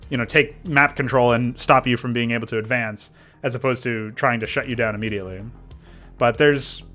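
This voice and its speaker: Livestreaming as he works on a game mod, a man chats casually about design and answers chat, rambling with many restarts. His medium-pitched voice sounds pushed and bright, and faint music plays in the background.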